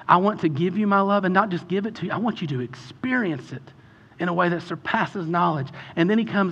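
A male pastor preaching with a bright, forceful voice that sits a little high for a man. He swings between passionate, near-shouted appeals and hushed, prayerful stretches. The sound is a bit dull and lo-fi. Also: expressive, fairly quick, a little hiss or hum. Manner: impassioned, builds to shouting then softens into prayer. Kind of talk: sermon.

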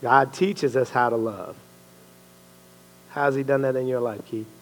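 A man with a gravelly voice and a middle pitch preaches in an easygoing, conversational way. He keeps checking in with his listeners, and his voice rings with a long echo from the hall around him. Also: measured pace, a little hiss or hum. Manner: conversational, animated, uses "bro" and "right?". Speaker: lay preacher and coach. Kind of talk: casual sermon to a small group. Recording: echoey hall with long reverb.

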